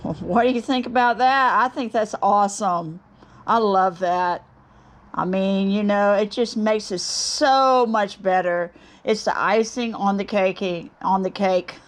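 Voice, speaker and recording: A woman's voice: mid-range voice, takes it slowly. A middle-aged woman, gushing and bubbly as she chats casually to camera about her woodturning project. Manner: bubbly, gushing, excited exclamations. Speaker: woodturning channel host.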